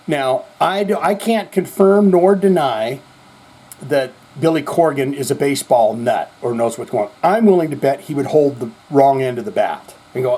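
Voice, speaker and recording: A man's voice: fairly high pitch, sing-song, moderate pace, mellow. A man hosting a show, telling rambling, profane stories and acting out quoted voices. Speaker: host. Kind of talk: casual rambling monologue.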